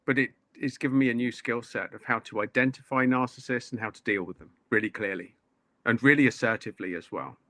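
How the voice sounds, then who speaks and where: A man's voice: medium pitch, quick pace, pushed and bright, no room sound. A man speaking bluntly and swearing freely as a guest in a casual live-stream chat.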